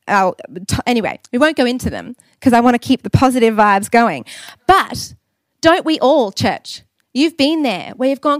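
A woman's voice: on the high side, no room sound. An Australian woman in her thirties preaching a sermon, telling personal stories candidly and with humor. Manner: candid, humorous storytelling with laughs.

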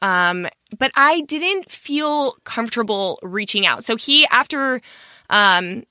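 A young adult woman guest, telling a personal story in an animated way and acting out the quotes. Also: fairly high pitch, takes it slowly, no echo, clean studio sound. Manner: animated, acts out quoted thoughts and speech. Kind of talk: storytelling in a podcast interview.

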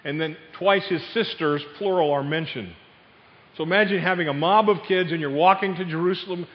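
An older man preaching a sermon, telling family stories with sudden loud outbursts. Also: a little high, fairly quick. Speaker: pastor. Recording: dull sound with long hall reverb.

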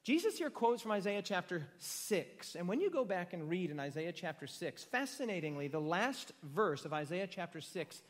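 High-voiced preacher in a reverberant hall. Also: male voice, very animated, moderate pace, few pauses. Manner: dramatic, swings from loud emphasis to hushed near-whispers. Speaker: pastor. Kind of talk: sermon. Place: room with a gathered congregation.

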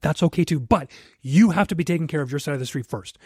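A man's voice: fairly high pitch, animated, fast talker, a little mellow, slightly rough, no echo, studio quality. A man in his thirties hosting a solo podcast, giving blunt coaching advice straight to his listeners. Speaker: podcast host.

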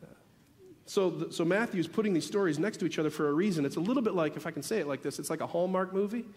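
A man preaching a sermon as the pastor, animated and building to emphatic peaks. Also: sits high, fast. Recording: long reverb of a large hall.

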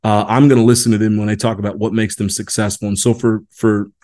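Speaking quickly in a lowish, level, darkish voice, an Indiana podcast host in his 40s rambles through a casual leadership monologue. He restarts often, uses many fillers, and throws in a folksy "y'all."

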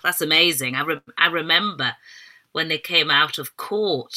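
A woman's voice: low-pitched, moderate pace, pushed and bright. Effusive woman podcast host. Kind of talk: interview podcast.

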